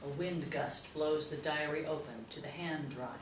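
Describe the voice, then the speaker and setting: A woman reading a screenplay's stage directions aloud in a crisp, matter-of-fact way. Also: low voice, moderate pace. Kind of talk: screenplay table read narration. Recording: roomy, distant mic, faint hiss.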